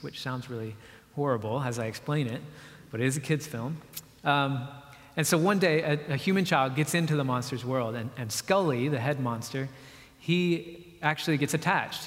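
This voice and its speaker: Male preacher, mid-pitched, chatty storytelling delivery, church hall echo. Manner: conversational and explanatory, with acted-out quotes. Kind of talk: sermon. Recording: long reverb of a hall.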